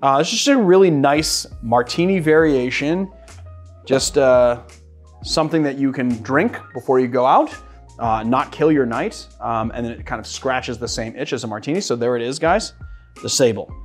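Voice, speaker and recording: A man's voice: mid-range voice, normal speed, faint music behind. A man from the Boston area hosting a cocktail show, chatty and rambling as he mixes and tastes drinks. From Boston area, USA. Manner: chatty, rambling, animated asides. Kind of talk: casual cocktail-making demo.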